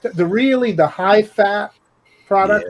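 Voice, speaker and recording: A man chatting casually on a live stream, quick and curious about expressions. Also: high voice, lo-fi sound. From United States.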